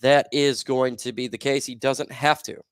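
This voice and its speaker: A young man chats casually on a sports livestream, reading out viewer comments and riffing on them with plenty of ums and restarts. His voice sits at an ordinary middle pitch. The sound is dry and close, with no room echo. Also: level tone, moderate pace, smooth. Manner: reads viewer comments aloud and reacts, loose and filler-heavy. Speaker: livestream host.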